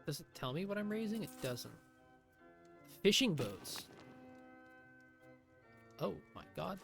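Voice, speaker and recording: A man's voice: on the high side, very animated, a little slow, creaky, long pauses, faint music behind. Sarcastic man streaming a strategy game. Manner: sarcastic, talking to himself, swearing. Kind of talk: live gameplay commentary.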